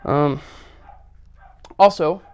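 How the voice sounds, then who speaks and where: A young man muses aloud in a loose, rambling way, filling pauses with fillers and heavy sighs between lifts. His voice sits a little high, and he sounds like he's working out in a home gym. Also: a little hiss or hum. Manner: rambling, many fillers, breathy strained sighs between reps. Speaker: vlogger filming his workout. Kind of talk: casual rambling monologue while lifting.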